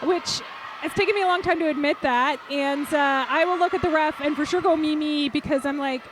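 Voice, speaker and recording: Chatty high-voiced woman commentating derby. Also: fairly quick, background noise. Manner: chatty and jokey, laughing at her own puns. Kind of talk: live sports commentary.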